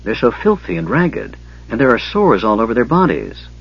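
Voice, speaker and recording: A man voicing a gentle young woman who speaks softly and with concern. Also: medium pitch, sing-song, moderate pace, gravelly, breathy edge, heavily acted. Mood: dismayed. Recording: dull lo-fi recording.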